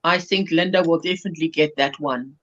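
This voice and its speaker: A woman's voice: low-pitched, brisk. South african lady chatting on a crochet stream, reads comments out, laughs a lot, dull lo-fi audio. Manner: chatty, laughs often, reads chat aloud. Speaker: crochet livestream host. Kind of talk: casual chat reading viewer comments. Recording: lo-fi livestream audio.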